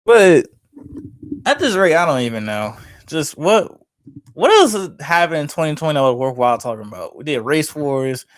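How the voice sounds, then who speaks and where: A young man co-hosting a podcast in casual, animated chat, full of "like" and swearing. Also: a little high, moderate pace, no room sound. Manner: animated, swearing, laughing, lots of "like". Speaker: podcast co-host.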